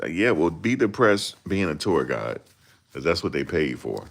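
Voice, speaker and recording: A man with an extremely low voice drags his words with gravel and fry as he reacts to a livestream. He jokes in a relaxed, teasing way and keeps it conversational. His voice is deep enough that people often ask him to repeat himself. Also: moderate pace. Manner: joking, laid-back, slips into mocking voices. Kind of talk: casual reaction commentary.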